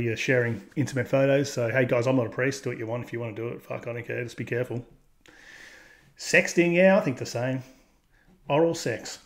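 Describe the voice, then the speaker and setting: Blunt, crude man. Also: medium pitch. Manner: blunt and crude, laughs at own jokes. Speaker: host. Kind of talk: casual commentary reacting to posts.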